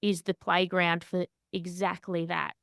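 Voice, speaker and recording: Smooth-voiced woman podcast host. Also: on the low side, unhurried, dry recording, clean studio sound. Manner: candid, animated storytelling. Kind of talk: conversational interview.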